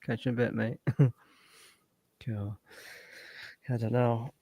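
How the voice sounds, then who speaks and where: A man hosting a casual group chat, relaxed and chuckling. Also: medium pitch, takes it slowly, vocal fry, dry recording. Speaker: channel host.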